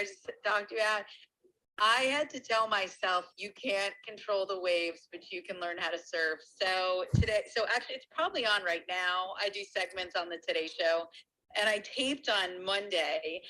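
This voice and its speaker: A woman tells a story over a remote call in a bright, clear voice. She talks in a lively, animated way and laughs as she goes. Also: mid-range voice, rough recording. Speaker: guest sharing a story. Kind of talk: casual storytelling.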